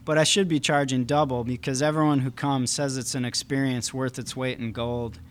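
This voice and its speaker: A man reading aloud as a confident thirty-something woman medium who pitches her sessions. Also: little pitch movement, normal speed, close to an everyday voice. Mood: teasing. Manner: confident, sales-pitch teasing.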